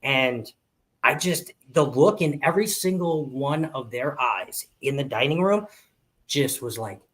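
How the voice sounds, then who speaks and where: A man co-hosting a casual live chat, telling a story animatedly and acting out the people in it. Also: unhurried. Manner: animated storyteller, acts out quotes in a high voice. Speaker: podcast co-host.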